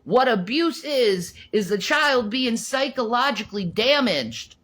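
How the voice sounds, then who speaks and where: In an expressive, unhurried voice that is a little high and a bit bright, a middle-aged woman rants on a livestream. She is confrontational and profane, with repeated words and frequent restarts.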